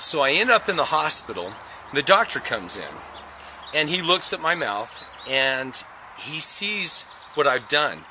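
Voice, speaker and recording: A man's voice: medium pitch, big pitch swings, unhurried, bright, forceful tone, a little hiss or hum. A middle-aged man telling a personal story with drama, acting out voices and sound effects. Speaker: storyteller recounting a near-death experience.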